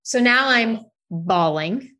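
A woman's voice: fairly high pitch, animated, slow pace, pushed and bright. A woman in her thirties telling a personal story in casual podcast chat, candid, swearing freely and leaning on "like" fillers. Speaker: podcast co-host.

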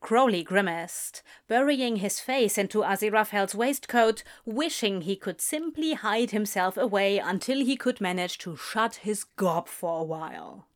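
A woman narrating a fan fiction story in an unhurried, expressive storytelling manner. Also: mid-range voice. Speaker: reader.

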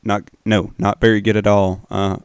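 A man's voice: on the low side, level tone, moderate pace, clean tone, dry recording, studio quality, close to an everyday voice. A man doing a stammering modest family man. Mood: flustered. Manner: stammering, brushing people off. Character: modest flustered small-town family man.

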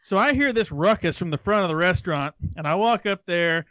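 A man's voice: high-pitched, fairly quick, no room sound. A man co-hosting a casual talk show, telling stories with emphatic energy. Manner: animated storyteller, emphatic. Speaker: co-host. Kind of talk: casual radio chat.

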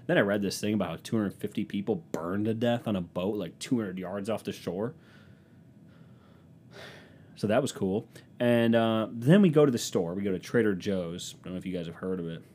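A man's voice: fairly low pitch, normal speed, a little mellow, a little hiss or hum. A man hosting a podcast, telling rambling, self-mocking stories in a casual, profane monologue into a microphone. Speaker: podcast host.

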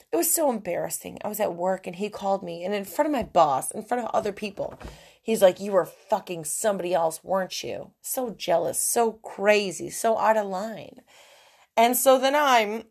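A young woman with a gravelly, creaky voice hosts her own podcast alone, speaking frankly and emotionally. She swears freely and swings between heated rants and hushed, sheepish asides. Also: mid-range voice. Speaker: podcast host. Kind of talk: candid solo podcast monologue.

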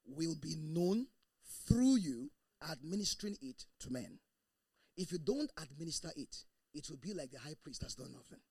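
A man preaching a sermon as pastor, animated, breaking into laughter and shouted bursts. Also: on the high side, husky, no room sound.

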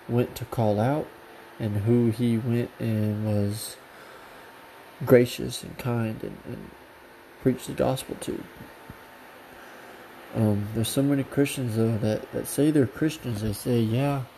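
A man's voice: medium pitch, mellow, a little hiss or hum, rough recording. A man giving a casual, earnest sermon that grows fervent and insistent, repeating himself for emphasis. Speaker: preacher.

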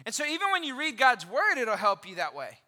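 A pastor in his forties giving an animated, conversational sermon and asking the congregation questions. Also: extremely high pitch, fairly quick. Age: 40s. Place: church auditorium. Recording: reverberant hall.

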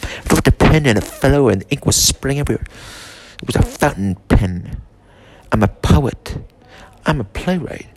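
A man's voice: mid-range voice, animated, moderate pace, heavy background noise, close to an everyday voice. A man playing a neurotic, self-absorbed writer-comedian who rambles about himself. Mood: boastful. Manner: boastful, rambling self-introduction.

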